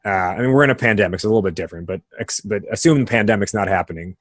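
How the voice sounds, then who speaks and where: Low-voiced man hosting a podcast. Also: racing, no echo. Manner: animated explainer with vivid analogies and frequent tag questions. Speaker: podcast host. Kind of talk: casual podcast conversation.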